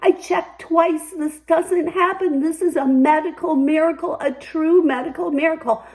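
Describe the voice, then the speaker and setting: A woman's voice: very high voice, normal speed, darkish tone, pitched above the performer's own voice. A woman acting out a crying, astonished cancer doctor who breathlessly announces a miracle. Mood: overjoyed. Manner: breathless, overjoyed disbelief. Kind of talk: acted quote in a spoken monologue.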